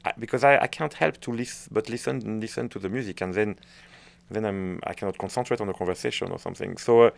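This middle-aged Frenchman from France speaks with a French accent in a fairly low, fast voice with vocal fry, and the recording has no room sound. He's a conductor answering interview questions, hesitating, hunting for words and often restarting.

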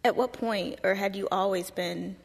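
A woman with a husky, slightly breathy voice puts questions to a guest on stage, stopping and rephrasing as she goes. She sounds a little off-mic, and a long reverb from a large hall trails each phrase. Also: mid-range voice, fairly even intonation. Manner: halting, rephrases her questions mid-sentence. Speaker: interviewer. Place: hall with a live audience.

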